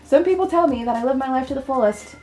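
A woman's voice: sits high, fast, dark tone, soft background music, voice pushed up, close to an everyday voice. A woman reading the part of an overworked young female college student, in a plain, subdued way. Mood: weary. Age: young adult. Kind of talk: reading game dialogue aloud.

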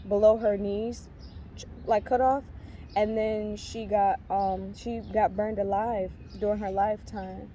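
A woman's voice: medium pitch, level tone, unhurried, warm tone, slight background noise. A pregnant young woman rambling earnestly with many fillers and restarts as she shares a faith testimony in a casual vlog. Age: young adult. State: heavily pregnant. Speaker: faith vlogger.

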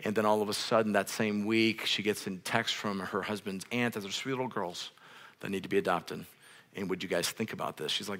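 A male pastor preaching a sermon in a casual, conversational way, with many restarts, growing louder and higher when stirred up. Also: fairly even intonation, a little fast. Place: church sanctuary, on a raised stage.

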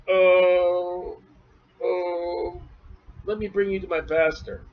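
A man preaching through scripture verse by verse, animated, with quick asides to the congregation and acted-out voices. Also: sits high. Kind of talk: expository sermon. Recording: dull lo-fi church recording.

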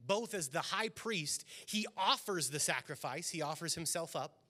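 Male pastor, slightly high voice, earnest sermon delivery that swells and drops. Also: lively intonation, moderate pace, pushed and bright. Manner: earnest, swelling emphasis on key lines. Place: church sanctuary.

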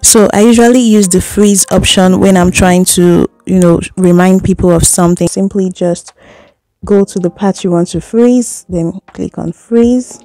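A woman's voice: lowish voice, a little slow, mellow, no echo, faint music behind. A woman giving a chatty, step-by-step editing tutorial, seated indoors and recorded on a phone. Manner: chatty step-by-step explaining, little laughs. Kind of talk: casual screen tutorial.

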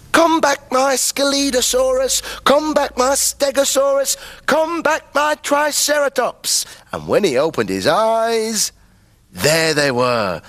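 Max, a chuckling British grown-up. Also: male voice, mid-range voice, dry recording. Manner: chuckling, chatty, animated. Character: cheery grown-up male puppet character. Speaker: children's TV character reading a story. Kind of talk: children's TV storytelling.

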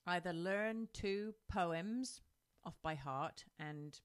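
Lower-pitched woman co-hosting. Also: clean tone. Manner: teasing, laughs often, brisk and matter-of-fact. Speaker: co-host. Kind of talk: casual chat.

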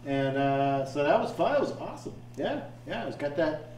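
Guy guest on a chat show, kinda high voice, tells stories all animated, echoey room far from the mic. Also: moderate pace, a little hiss or hum. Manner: animated storyteller, acts out his own reactions. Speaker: actor guest. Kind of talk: casual chat.

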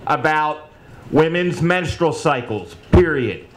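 A man's voice: on the high side, expressive, slow pace, poor audio. A man telling short dirty one-liners and heckling the other contestants. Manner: dry wisecracker. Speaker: comedian contestant. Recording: loud crowd in room.

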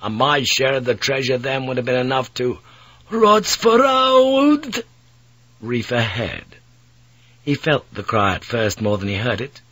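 Guy reading an audiobook, husky breathy voice, middle pitch, dramatic but measured. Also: fairly bright tone, no room sound, rough recording. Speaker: audiobook narrator. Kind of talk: scripted audiobook narration.

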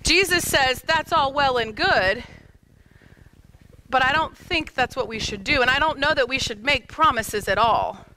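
A woman's voice: high voice, animated, a little slow, bright, forceful tone, a little hiss or hum, rough recording. A woman pastor in her thirties preaching a sermon in a church, telling stories with light humor and speaking directly to the kids. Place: church sanctuary.

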